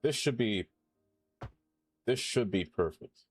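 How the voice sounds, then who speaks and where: A man's voice: on the low side, animated, takes it slowly, breathy edge, soft background music. A man streaming a city-building game, chatting casually with viewers, singing along and joking. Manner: playful, singing along and doing silly voices. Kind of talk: casual gameplay commentary.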